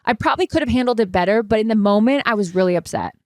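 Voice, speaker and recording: Woman co-host, mid-pitch, dry close sound, animated storyteller who swears freely. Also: rapid-fire, dry recording. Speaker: podcast co-host. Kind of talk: casual chat.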